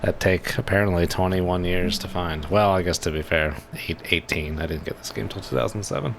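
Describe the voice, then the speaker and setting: A man's voice: low voice, fairly quick, creaky, a little hiss or hum. A man streaming a naval game, musing aloud in casual commentary. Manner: laid-back, musing aloud.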